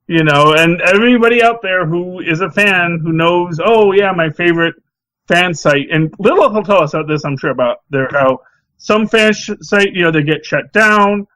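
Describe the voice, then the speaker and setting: Middle-aged guy on a podcast, kinda high voice, rambly and animated, dry close sound. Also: normal speed, dry recording, low-quality recording. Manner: rambling, animated, many restarts. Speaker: podcast co-host. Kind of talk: casual chat.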